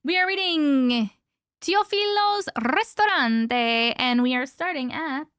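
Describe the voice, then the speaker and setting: A woman hosting a casual live stream, chatting with viewers and reading stories aloud with hushed dramatic pauses. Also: high voice, lively intonation, dry recording, clean studio sound.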